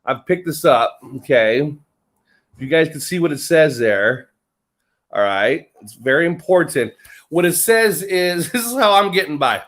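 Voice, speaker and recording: An American man talks in a loose, rambling way, joking as he goes. His voice sits a bit high, and he keeps chuckling mid-sentence. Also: animated, a little slow, fairly bright tone. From United States. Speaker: guest. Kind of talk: casual chat. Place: lives in Britain.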